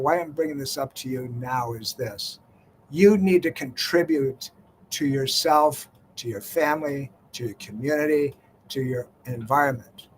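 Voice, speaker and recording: Older male talk-radio health host, folksy and rambling, slightly high voice, faint hiss behind. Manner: folksy, conversational, many "you know" fillers.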